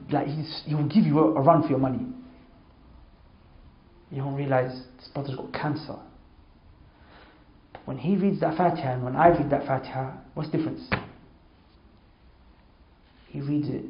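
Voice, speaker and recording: A man giving an informal religious talk, storytelling emphatically and repeating oaths for stress. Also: slight background noise. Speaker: Islamic speaker. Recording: echoey, dull low-fi sound.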